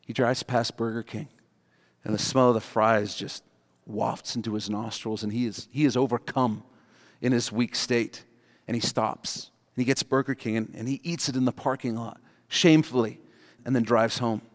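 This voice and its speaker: A man delivers a sermon with emphatic, story-driven preaching, punching key words. His voice sits at an ordinary pitch. The sound carries a long reverb from a big church hall. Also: steady tone, normal speed. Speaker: pastor.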